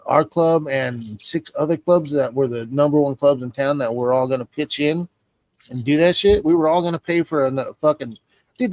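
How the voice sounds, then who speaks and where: A man's voice: a little high, darkish tone, dry recording. A man hosting a stream, telling a long, rambling story in casual, profane chat and acting out the voices of the people in it. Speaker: stream host.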